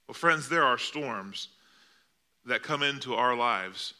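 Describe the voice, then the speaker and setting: A man's voice: medium pitch, sing-song, slow, bright, forceful tone. A male pastor preaching a sermon in a church, telling a story with vivid, dramatic delivery. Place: church sanctuary.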